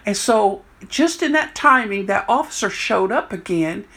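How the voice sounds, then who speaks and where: Older lady chaplain, gravelly voice, animated storytelling, acts out what folks said. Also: mid-range voice, a little slow. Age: 60s. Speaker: prison chaplain. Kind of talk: storytelling talk.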